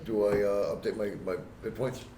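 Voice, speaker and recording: Low-voiced man with a noisy echoey mic. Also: little pitch movement, normal speed. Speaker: player.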